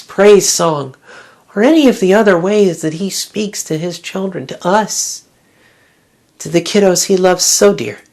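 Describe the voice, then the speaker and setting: A woman's voice: fairly low pitch, a little mellow. A woman giving a devotional Bible talk in an earnest, reflective way, asking her listeners one question after another. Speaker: Bible teacher.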